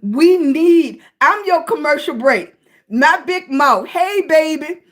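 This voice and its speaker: High-voiced affectionate woman streaming. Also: animated, takes it slowly. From Virginia, US. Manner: affectionate, greets viewers as baby and sweetie. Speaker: live streamer. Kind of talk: casual livestream chat to viewers.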